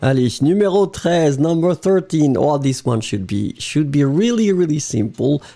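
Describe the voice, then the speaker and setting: A man's voice: fairly high pitch, lively intonation, moderate pace, creaky, dark tone, soft background music. A middle-aged French man with a French accent, teaching a live online lesson in a chatty way, often laughing and slipping into French. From France.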